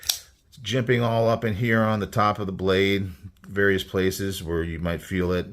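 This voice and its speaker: A man's voice: sits low, fairly even intonation, measured pace. A man casually reviewing a knife in an easygoing, rambling, enthusiastic way.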